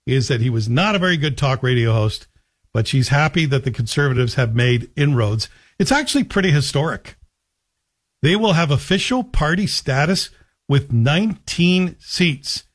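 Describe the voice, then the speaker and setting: A man hosting talk radio, delivering a joking, sarcastic monologue. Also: fairly high pitch.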